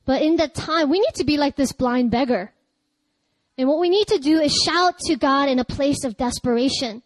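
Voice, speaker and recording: A woman pastor giving a lively, chatty sermon, breaking into laughter and loud cries. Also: sits high, normal speed, no echo, low-quality recording.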